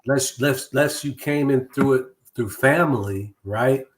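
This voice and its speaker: A middle-aged man, a guest real estate broker, explaining things in a relaxed conversational way, often repeating words as he goes. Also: medium pitch, normal speed. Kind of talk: casual talk-show chat.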